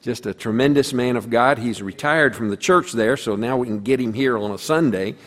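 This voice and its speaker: A man's voice: mid-range voice, normal speed. A man introducing a guest preacher to his congregation in a church. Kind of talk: church announcement. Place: church sanctuary. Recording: distant voice in a reverberant church.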